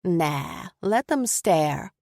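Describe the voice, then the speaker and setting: A woman voicing a warm, easygoing young man who is a bear shifter, relaxed and affectionate. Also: lowish voice, very slow, creaky, no room sound, studio quality, exaggerated voice. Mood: playful.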